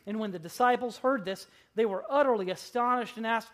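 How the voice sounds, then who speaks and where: Preacher, sermon, church congregation, dramatic swings loud to hushed, joking asides. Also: normal speed. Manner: dramatic, swinging between loud emphasis and hushed low lines; humorous asides. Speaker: pastor. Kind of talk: expository sermon.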